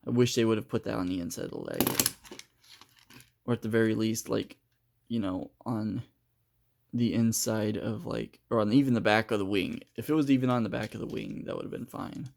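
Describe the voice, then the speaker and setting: A man's voice: on the low side, expressive, normal speed, creaky, a little mellow. A man giving a casual, unscripted toy review, hesitant and full of fillers as he handles the figure.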